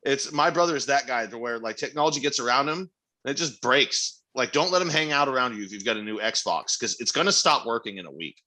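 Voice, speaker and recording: Bright-voiced, profane male co-host. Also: mid-range voice, expressive, quick pace. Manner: profane, laughing storyteller. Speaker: podcast co-host. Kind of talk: casual chat.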